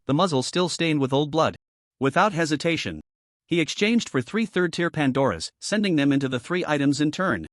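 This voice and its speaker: Lively, higher-voiced male story narrator. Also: dry recording, clean studio sound. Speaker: recap narrator.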